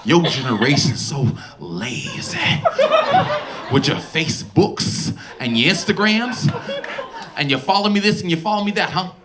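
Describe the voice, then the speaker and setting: A man voicing his eighty-seven-year-old grandfather, halting and full of uhs, defensive, over loud audience laughter. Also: a little high, expressive, very noisy, voice pushed up. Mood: indignant. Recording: live club mic with loud audience laughter.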